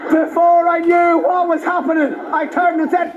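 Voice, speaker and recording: An Irish man doing stand-up, telling a story in a wry, deadpan way with slow punchlines. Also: very high voice, over a noisy crowd. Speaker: stand-up comedian. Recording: dull live audience recording. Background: audience laughter.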